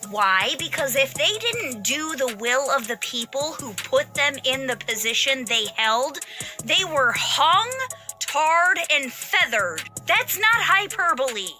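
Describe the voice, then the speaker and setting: Furious high-voiced woman ranting. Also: very animated, takes it slowly, bright, forceful tone, soft background music. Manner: profane, emphatic, heated. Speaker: political commentator. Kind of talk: angry political rant.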